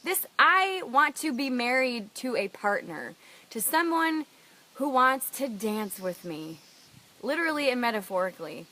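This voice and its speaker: A woman's voice: on the high side, very animated, unhurried, pushed and bright. A middle-aged woman coach telling a personal story with emotional, emphatic earnestness and frank swearing. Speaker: life coach.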